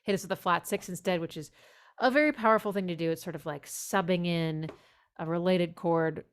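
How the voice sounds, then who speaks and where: A woman's voice: on the low side, a little fast. A woman music teacher giving casual, enthusiastic feedback on a student's song, humming melodies along as she listens. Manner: enthusiastic, warm praise, hums melodies along. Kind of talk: casual spoken critique over playback. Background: music playing.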